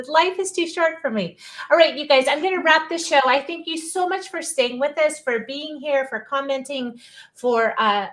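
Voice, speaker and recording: A woman's voice: high voice, a bit bright. A woman hosting a live-streamed interview show, chatty and upbeat, cheering her listeners on. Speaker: podcast host.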